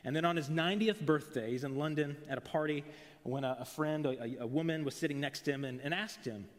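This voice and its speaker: Male pastor, sermon, earnest emphatic delivery, somewhat high pitch, reverberant sanctuary. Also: fast. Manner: earnest preaching with rising emphatic phrases. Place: church sanctuary. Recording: long reverb of a large hall.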